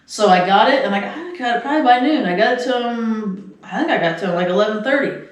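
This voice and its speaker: A woman's voice: on the high side, expressive, fast. A middle-aged woman telling a long story on a podcast, rambling, laughing often and acting out the quotes. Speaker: podcast co-host. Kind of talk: casual chat. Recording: echoey room, far from the mic.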